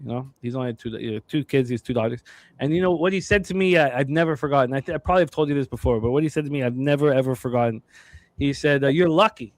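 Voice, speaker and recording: A man's voice: mid-range voice, rapid-fire, no room sound. A man hosting a sports betting show, talking casually with rambling self-corrections and upbeat introductions.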